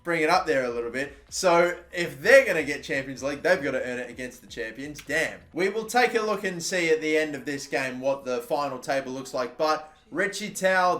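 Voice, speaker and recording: A man with an Australian accent commentating his own football video game session, excitable and swearing often, shouting at his players. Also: fairly high pitch. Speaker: gaming YouTuber. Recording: echoey room with faint background noise.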